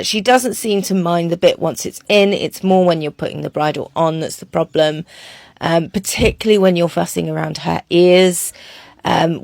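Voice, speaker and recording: Gravelly, low-voiced woman. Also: no echo. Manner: relaxed and chatty, with many ums. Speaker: horse trainer. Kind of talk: casual voice-over commentary on training footage.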